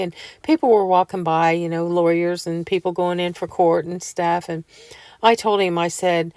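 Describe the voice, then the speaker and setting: A woman's voice: lowish voice, fairly even intonation, moderate pace, no room sound. A woman chatting casually to viewers about decorating her home, telling homey stories and laughing often.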